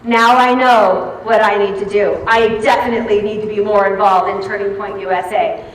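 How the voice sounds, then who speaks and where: A woman giving an animated storytelling speech to a live audience in a large hall, acting out her own reactions. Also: medium pitch, normal speed. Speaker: event speaker. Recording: echoey hall from far off, faint ambience.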